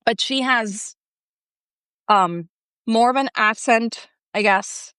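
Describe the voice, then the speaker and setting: Middle-aged Colombian-accented woman, native Spanish speaker, somewhat high, dry close sound, lively casual talk. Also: slow pace, clean tone, no room sound. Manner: chatty, animated, many fillers. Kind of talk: casual conversation.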